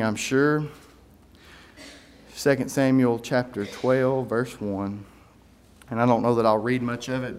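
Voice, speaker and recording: A man preaching a sermon, moving between quiet, folksy retelling and loud, climbing exhortation. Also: medium pitch, roomy sound. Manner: swings from quiet storytelling to loud, rising exhortation. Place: church sanctuary.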